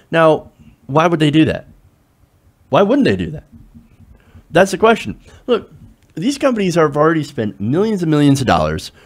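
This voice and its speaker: A male political commentator talking straight to his audience, piling up rhetorical questions and sarcastic asides. His pitch sits in the middle but moves a lot, rising sharply on his points. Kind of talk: direct-to-camera political commentary.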